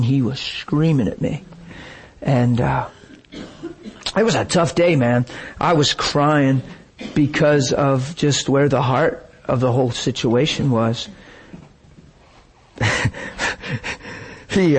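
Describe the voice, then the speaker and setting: A man's voice: medium pitch, slightly rough. A middle-aged man preaching a sermon, telling stories in an emotional, emphatic way.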